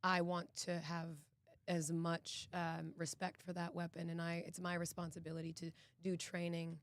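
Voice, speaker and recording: An earnest, reflective woman from Boston speaks as a podcast guest. Her voice is low and stays fairly level. She often restarts her sentences. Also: monotone, normal speed. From Boston, United States. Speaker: actress and executive producer, guest. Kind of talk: casual podcast interview.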